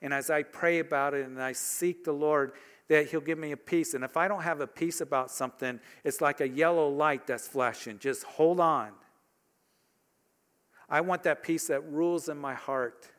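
A man's voice: a little high, moderate pace, a bit bright. A man preaching a sermon as pastor, talking conversationally and asking his congregation rhetorical questions.

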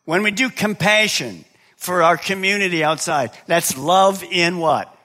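A middle-aged man preaching a sermon as pastor, moving between quiet low asides and loud, high preaching, and asking the congregation questions he then answers himself. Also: unhurried.

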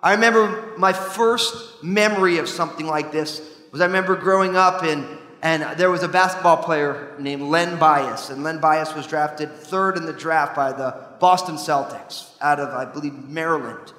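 Animated high-voiced preacher in an echoey hall. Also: male voice, moderate pace. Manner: animated, conversational preaching with asides. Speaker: pastor. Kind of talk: sermon.

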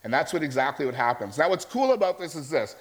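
A man's voice: on the high side, sing-song, fast talker. A man preaching a sermon as a pastor, in a conversational storytelling manner that keeps checking in with his listeners.

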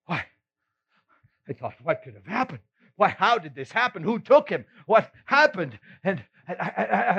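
A man's voice: on the high side, fairly bright tone, exaggerated voice. A man playing the apostle Peter, a middle-aged fisherman, telling his story in a folksy first-person monologue with frequent chuckles.

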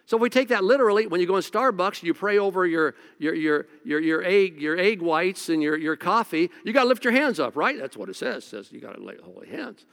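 Folksy pastor preaching in a reverberant hall. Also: male voice, high-pitched, lively intonation, vocal fry, a bit bright. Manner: casual, joking, with quick restarts. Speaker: lead pastor. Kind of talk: conversational sermon. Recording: long reverb of a large hall.

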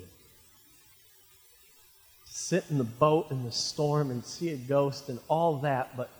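A male pastor preaching a sermon, animated and jokey, calling his listeners friends. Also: medium pitch. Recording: reverberant hall.

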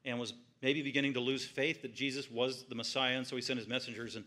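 A man's voice: mid-range voice, a little fast, a bit bright. A man preaching an expository sermon in church, reading scripture aloud and then explaining it with rising emphasis. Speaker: pastor.

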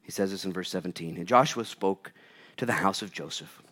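A man preaching a sermon and reading scripture, swinging between loud bursts and hushed asides. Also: low voice, fairly quick, husky. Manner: reads scripture aloud. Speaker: pastor.

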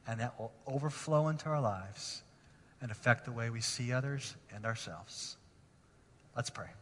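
A man preaching a sermon as pastor in a church, passionate and moving between hushed lines and emphatic ones. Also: medium pitch, normal speed, a little hiss or hum. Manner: impassioned, swinging from hushed to emphatic. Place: church sanctuary. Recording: long reverb of a large hall.

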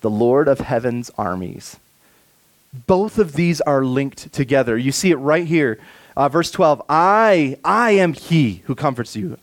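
A slightly high-pitched man, a pastor and father, delivers an expressive sermon. Scripture passages come out soft and slow, while key points swell louder.

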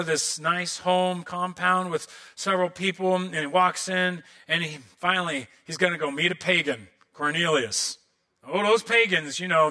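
Pastor, male, high and bright tone, animated sermon storytelling with comic asides.

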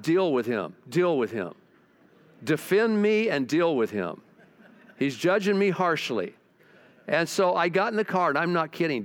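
An older man preaching a sermon as pastor, telling stories and asking the congregation questions, often dropping low and quiet for emphasis.

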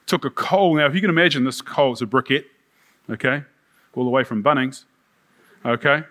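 A man's voice: mid-range voice, a bit bright. A man preaching a sermon, reading scripture aloud and then talking it over in a casual way with asides.

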